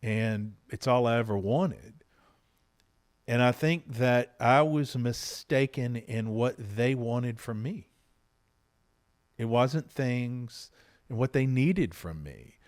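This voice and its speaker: Middle-aged male host, earnest and reflective, medium pitch. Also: animated, takes it slowly, a little mellow. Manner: earnest, reflective and openly heartfelt. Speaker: podcast host. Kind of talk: candid conversation with his spouse.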